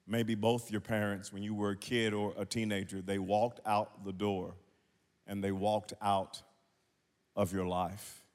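A man preaching a passionate sermon to a congregation as a guest preacher, swinging between soft lines and near-shouts. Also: on the low side. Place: large church before a congregation. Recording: long reverb of a big hall.

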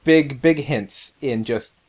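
A man hosting a casual conversation, easygoing and quick to laugh. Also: medium pitch, a little mellow, slightly rough. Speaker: host. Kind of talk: casual chat.

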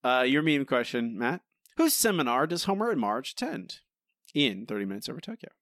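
A man's voice: medium pitch, big pitch swings, brisk, a bit bright, no echo, clean studio sound. A man co-hosting a casual podcast chat and trivia quiz, self-deprecating and stumbling into restarts. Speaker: podcast co-host.

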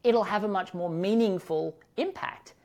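A man hosting a podcast interview, telling stories in an animated, expressive way with sudden lifts in his voice. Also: dull audio. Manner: animated, expressive storytelling with quick rises in pitch. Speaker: podcast host. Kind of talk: conversational interview.

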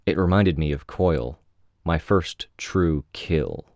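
A man with a very deep, low voice reads first-person narration at a measured pace. The sound is close and completely dry, with no room around it. His delivery stays even and steady throughout. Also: dry recording, dull audio. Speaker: audiobook reader.

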